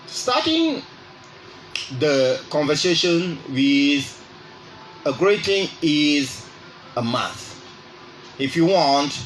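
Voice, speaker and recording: A man hosting a radio English lesson, speaking slowly and repeating phrases so listeners can drill them. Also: mid-range voice, a bit bright, a little hiss or hum, rough recording. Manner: exaggerates rising intonation on example phrases. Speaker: radio English teacher and host. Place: radio studio.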